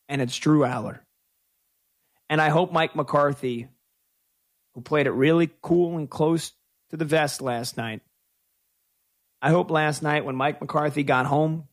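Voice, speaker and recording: A man hosting a call-in sports talk radio show, giving strong opinions with drawn-out emphasis on key words. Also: mid-range voice.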